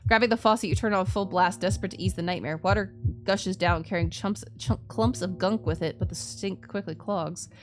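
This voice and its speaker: A woman streamer narrates a horror game in an expressive voice, dropping low and hushed for the grim passages. She breaks into loud, startled reactions to what happens on screen. Music plays clearly in the background. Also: fairly quick.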